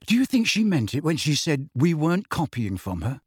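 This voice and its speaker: A man voicing an excitable, easygoing teenage schoolboy wizard who mutters conspiratorially in a storybook reading. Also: fairly high pitch, a little fast, breathy edge, no room sound, studio quality.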